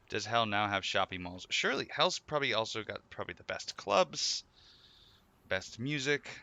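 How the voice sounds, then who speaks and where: A man's voice: on the low side, lively intonation, unhurried, long pauses, bright, forceful tone. A man live streaming, chatting casually in a joking, rambling way. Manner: joking, rambling, laughing often. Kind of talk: casual chat.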